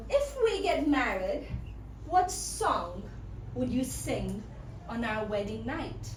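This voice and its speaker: A vain young cockroach lady with a high, lively voice and prim, dismissive retorts, as a woman storyteller puts her on. She speaks slowly from some way off the mic, in an echoey room with clear background noise. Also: recorded from a distance. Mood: questioning.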